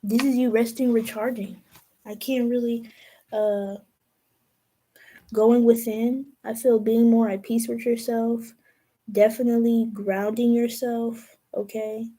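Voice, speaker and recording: Mellow-voiced young woman giving a tarot reading. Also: a little high, flat delivery, poor audio. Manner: slow, musing, trails off and restarts. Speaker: tarot reader.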